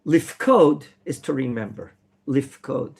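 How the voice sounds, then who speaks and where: A man teaching an interactive Torah class in a classroom, quizzing his students and now and then bursting into theatrical excitement. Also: mid-range voice, takes it slowly, gravelly. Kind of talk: interactive Bible lesson. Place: classroom at a yeshiva.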